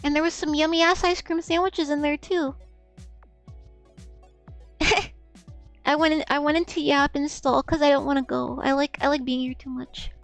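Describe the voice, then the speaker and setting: A woman's voice: sits high, level tone, normal speed, gravelly, long pauses, soft background music. A young woman streamer chatting casually, rambling and giggly, often stammering and repeating words and swearing freely. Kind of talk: casual live-stream chat.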